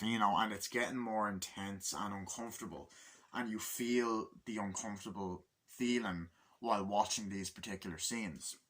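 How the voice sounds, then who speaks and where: A man's voice: fairly low pitch, fairly even intonation, normal speed, fairly bright tone. A man reviewing a film casually at home, rambling and enthusiastic and swearing freely. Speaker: movie reviewer. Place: room at home with window open.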